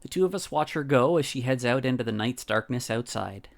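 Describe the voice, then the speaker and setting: A man streaming, reading a visual novel aloud in a calm first-person narrator voice. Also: mid-range voice, fairly quick, creaky.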